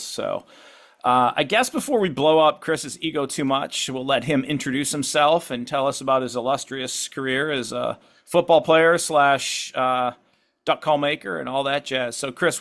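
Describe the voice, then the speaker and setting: A man hosting a podcast interview in casual chat, upbeat, laughing often and talking in quick bursts. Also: medium pitch, creaky, a bit bright. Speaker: podcast host.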